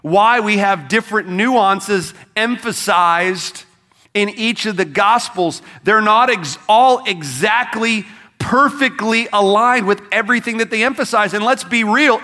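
Bright-voiced man preaching a sermon. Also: high voice, measured pace. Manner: conversational, emphatic, speaks straight to the congregation. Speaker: pastor. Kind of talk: Easter sermon. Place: church service.

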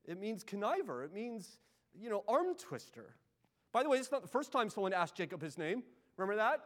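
A man preaching a sermon as pastor, moving between loud pleading passages and hushed, intimate ones. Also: high-pitched, big pitch swings, fairly quick.

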